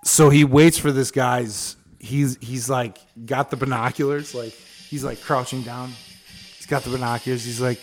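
Brief: male podcast host, vulgar bro-slang storyteller, mid-pitched, casual. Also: normal speed, faint music behind. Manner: crude, slangy, animated storytelling.

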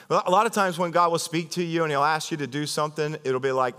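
A male pastor preaching a sermon in a conversational, animated way, often asking the congregation questions. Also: on the high side, fast talker, hardly any pauses, clear, resonant tone, big-room sound.

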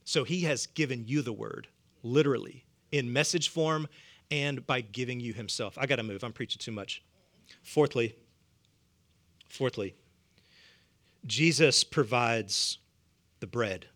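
A man's voice: medium pitch, a little slow, long pauses, fairly bright tone. A man with a Southern US accent preaching a sermon, humorous and conversational, chuckling often. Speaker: pastor.

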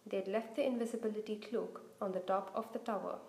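A woman reading a children's novel aloud in an expressive storytelling manner, in a roomy-sounding recording. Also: mid-range voice, a little fast, hardly any pauses. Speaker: reader. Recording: roomy echo.

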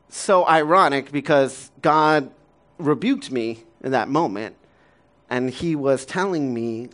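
A man in his thirties preaching a conversational sermon as a pastor, casual and full of fillers, often laughing, moving between soft, quiet stretches and lively ones. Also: mid-range voice.

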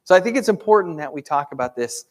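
A man's voice: fairly high pitch, animated, fast. A man in his thirties, a pastor preaching a conversational sermon in a church, earnest and full of rhetorical questions. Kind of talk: sermon with prayer.

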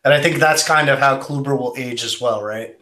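A man's voice: mid-range voice, bright, forceful tone. A man co-hosting a podcast in casual chat, with many ums and restarts. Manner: halting, lots of restarts and ums. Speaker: podcast co-host.

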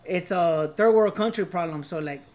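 A man's voice: sits high, moderate pace, a little mellow. A man in his thirties in casual chat, laid-back and laughing easily, calling his friend bro.

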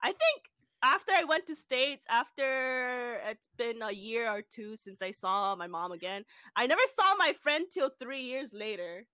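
A woman telling personal stories in casual chat, animated and laughing, with lots of fillers. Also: on the high side, a little slow, dry recording.

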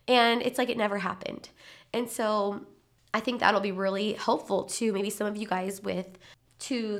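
A woman's voice: fairly high pitch, fairly bright tone. A young adult woman hosting a parenting podcast, talking candidly and encouragingly in a casual solo chat, heavily pregnant. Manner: candid, encouraging, chatty with lots of "like".

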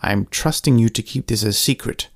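A man reading a storybook, voicing a secretive gentleman who speaks slowly. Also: medium pitch, lightly acted. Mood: measured. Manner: slow, measured.

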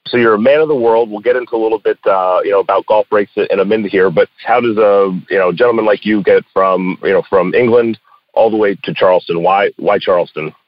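A male podcast host with a lowish voice asks friendly, joking questions. The recording is dry and a bit dull, like a lo-fi podcast. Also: brisk, no room sound. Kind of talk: casual interview chat.

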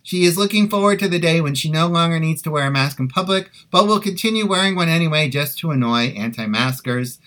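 A man's voice: fairly high pitch, lively intonation, quick pace, few pauses, fairly bright tone. A man hosting a podcast, chatting casually with a guest and making wry joking asides. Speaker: podcast host. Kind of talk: casual chat. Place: in-person studio room. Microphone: budget desktop USB microphone.

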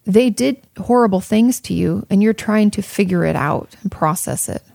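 A woman's voice: medium pitch, normal speed, creaky, a little mellow, no room sound, studio quality. A young adult woman giving casual, earnest parenting advice, rambling into tangents and swearing freely. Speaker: advice podcaster on parenting and emotional health.

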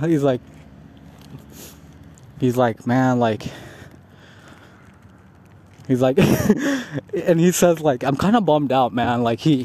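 A man's voice: mid-range voice, mellow. A young man telling a long, rambling, profane story in a casual vlog, laughing often as he talks. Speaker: vlogger.

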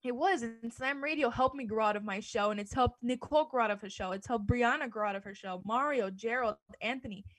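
Young female radio regular, higher pitch, earnest and encouraging, dry studio mic. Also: fairly quick, few pauses, no room sound, rough recording. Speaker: former student radio host. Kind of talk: heartfelt casual chat on radio.

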